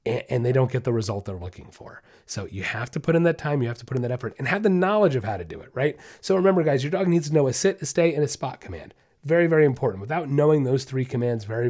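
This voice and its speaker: A man's voice: mid-range voice, a little mellow. Guy explaining dog training on a podcast, keeps repeating his points, pushy coach vibe. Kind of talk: casual instructional talk.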